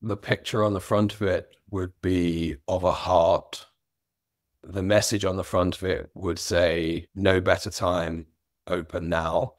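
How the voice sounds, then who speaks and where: A man's voice: deep voice, flat delivery, takes it slowly, no echo, clean studio sound. A middle-aged man from London with a faint trace of Cockney, talking candidly and reflectively as an interview guest. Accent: London, slightly Cockney. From England. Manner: earnest, reflective, occasional self-amused laughter. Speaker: author and business guest.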